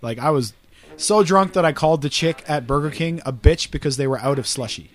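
A man's voice: fairly high pitch, brisk. A man hosting a podcast, telling rambling, profane stories in casual chat. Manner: profane, rambling, animated storyteller. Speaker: podcast host.

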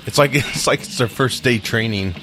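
A man's voice: medium pitch, normal speed, over music. A man casually commenting on a movie with wry, teasing remarks and laughter. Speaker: commentary co-host.

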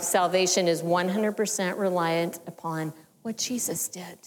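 A woman gives a church teaching in a measured, explanatory way. Her phrases often sink soft and low at the end. Her voice carries a long reverb, as in a large hall. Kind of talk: sermon teaching.

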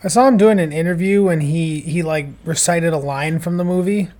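A young man co-hosting a casual movie podcast, chatty and joking, with quick asides. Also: on the high side, darkish tone. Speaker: podcast co-host. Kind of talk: casual movie review chat.

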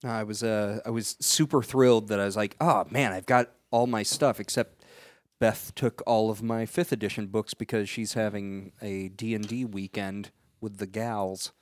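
A man playing at a tabletop game, telling animated, self-mocking stories in casual chat. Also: fairly low pitch, moderate pace, dry recording, studio quality. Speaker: player.

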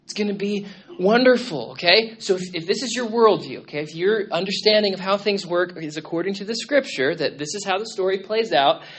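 A man's voice: sits high, brisk, fairly bright tone. Conversational male preacher, frequent check-ins. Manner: conversational, checks in often with "okay?" and "right?"; repeats words and restarts phrases. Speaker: pastor. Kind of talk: sermon. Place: room with a congregation.

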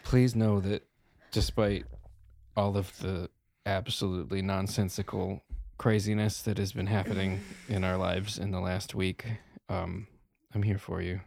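A man's voice: low-pitched, level tone, unhurried, creaky, a little mellow, no room sound. A young man playing a tabletop role-playing game, in character, who laughs often and swears freely. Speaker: player.

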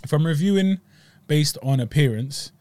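A young man, chatting casually on a podcast, animated and slangy, laughing as he talks. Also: a little high, moderate pace, dry recording. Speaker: podcast co-host. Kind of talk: casual chat reviewing desserts.

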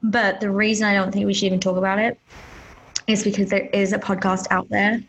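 A woman co-hosting a podcast in casual chat, talking in an animated way that rises in pitch when she gets worked up. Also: brisk, slightly rough, low-quality recording. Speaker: podcast co-host.

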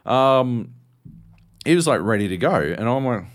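A man's voice: normal speed, pauses often. An Australian man in his thirties co-hosting a casual podcast chat. He tells stories with lots of swearing. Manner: animated, swearing storyteller, jumps high in pitch for quoted outbursts. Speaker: podcast co-host.

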